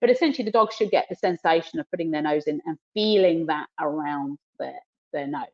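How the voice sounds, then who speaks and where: A woman with a New Zealand accent, a dog trainer teaching a live demonstration. She explains each step and breaks off to cue and praise her dog softly. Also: sits low, lively intonation, a little fast. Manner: explains while cueing the dog, soft praise. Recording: dull lo-fi webinar audio.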